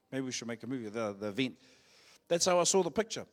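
Playful New Zealand pastor preaching live. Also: male voice, mid-range voice, animated, brisk. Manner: playful, jokey, rallying the congregation. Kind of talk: live sermon with personal storytelling. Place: church service.

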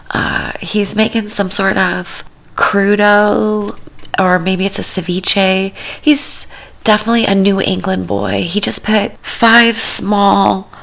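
A woman's voice: medium pitch, steady tone, slow, gravelly, a bit bright. A woman podcast host giving comedic commentary on a cooking show, with dry, rambling asides that often drop to a whisper.

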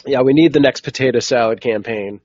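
A man's voice: medium pitch, brisk, darkish tone, no echo, muffled recording. A man hosting a podcast in casual, easygoing chat who keeps steering the conversation back on track. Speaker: podcast host.

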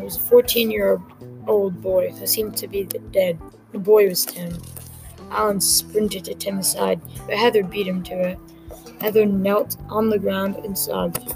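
A woman reading her own story aloud in a quick, plain manner, with music playing behind her. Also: medium pitch, vocal fry, rough recording.

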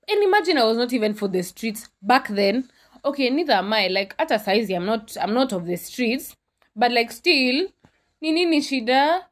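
Animated Kenyan young woman telling a story. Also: fairly high pitch, normal speed. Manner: dramatic, code-switching, exclamatory.

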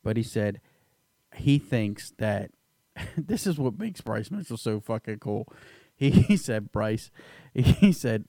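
A man co-hosting a podcast, talking excitedly about a fight, swearing and laughing often. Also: on the low side, slow pace, vocal fry, pauses often, no room sound, clean studio sound. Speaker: podcast co-host. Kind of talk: casual chat.

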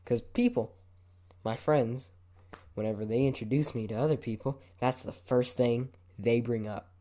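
A man's voice: mid-range voice, steady tone, normal speed, mellow. A young man hosting his own podcast, talking casually and rambling into a microphone while moving his head, with frequent swearing. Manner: rambling, laid-back, swears often. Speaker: podcast host. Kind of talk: casual solo podcast monologue. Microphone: microphone, head moving around it.

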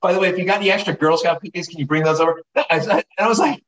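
A man telling wine stories casually as an interview guest, lively and profane, acting out the people he quotes. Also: high-pitched, very fast, highs cut off. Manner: animated, profane, acts out quoted voices. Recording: roomy, distant mic, faint noise.

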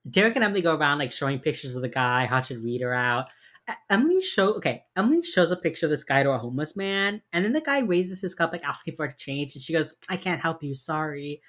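A woman's voice: low voice, sing-song, fast talker, fairly bright tone. A woman co-hosting a casual chat, retelling a TV episode and acting out its characters' lines, with a mild speech impediment. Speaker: podcast co-host recapping a TV episode.

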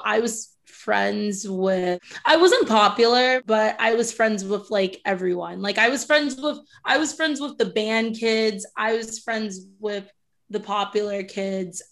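A woman's voice: mid-range voice, a little slow. A woman in her twenties chatting with friends, teasing and joking. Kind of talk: casual chat.

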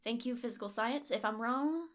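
A woman's voice: fairly high pitch, normal speed, a bit bright. A woman with a Texan accent co-hosting a casual podcast chat, rambling into asides and laughing often. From Texas. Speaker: podcast co-host. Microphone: podcast microphone.

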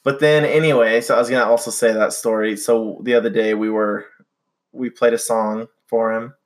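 A man's voice: mid-range voice, steady tone, normal speed. A young man co-hosting a casual podcast chat, rambling with many fillers and restarts. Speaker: podcast co-host.

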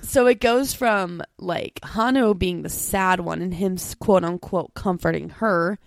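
A woman's voice: fairly low pitch, vocal fry, no echo. Chatty young woman, dry close sound. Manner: chatty, quick, full of "like" and little laughs. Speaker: co-host. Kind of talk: casual chat.

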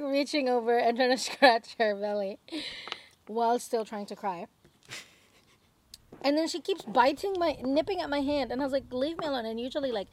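A woman's voice: on the high side, a little mellow, slight background noise. A young woman, co-hosting a casual podcast outdoors in her garden and telling chatty anecdotes with giggles. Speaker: podcast co-host. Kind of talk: casual chat.

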